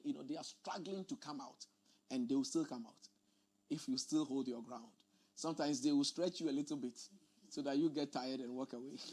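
Emphatic man preaching a teaching sermon. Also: a little high. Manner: repeats words, explains emphatically.

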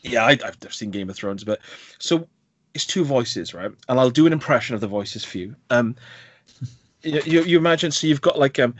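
A man co-hosting a podcast, chatting casually about games in a rambling, animated way full of fillers and restarts. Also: mid-range voice, normal speed, no echo, muffled recording. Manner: rambling, many fillers and self-corrections, animated. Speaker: podcast co-host.

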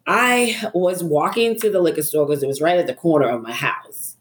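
A middle-aged woman, guest author on a podcast, tells a personal story with liveliness, acting out her own thoughts and laughing often. Her voice sits low and moves at a moderate pace.

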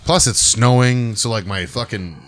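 A man's voice: medium pitch, moderate pace. A man co-hosting a podcast who tells long, rambling stories in casual chat, swearing freely. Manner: rambling, profane storytelling. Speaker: podcast co-host.

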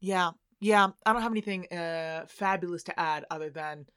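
A woman co-hosting a casual movie discussion, wry and opinionated with lively reactions. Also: on the low side, moderate pace, clear, resonant tone, no room sound, clean studio sound. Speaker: podcast co-host.

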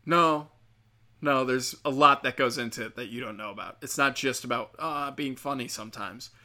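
A man's voice: mid-range voice, moderate pace, pushed and bright. A young man who does stand-up, telling stories in a blunt, profane, mocking way, full of "like" and "um.". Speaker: stand-up comic. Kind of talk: casual storytelling rant.

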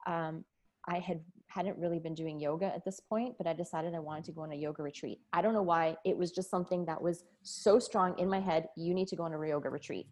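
A woman's voice: lowish voice, fairly even intonation, fairly quick, darkish tone. A woman in her forties, a nurse and podcast guest, telling her story candidly and with feeling in a casual interview. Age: 40s. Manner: candid, emotional, laughs often.

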